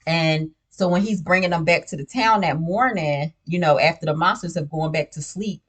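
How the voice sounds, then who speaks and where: A woman with a somewhat low voice gives a loose, conversational recap of a TV series. Her talk is slangy and full of "you know what I'm saying". She sips a drink between points. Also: moderate pace, a bit bright. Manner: sips a drink while talking. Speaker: TV show recap host. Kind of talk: casual spoiler recap.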